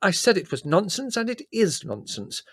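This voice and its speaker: A man's voice: sits high, big pitch swings, moderate pace, slightly rough, dry recording, clean studio sound, voice pushed up, full character voice. A man voicing a small, prim older mother who speaks in a clipped, indignant and firm way.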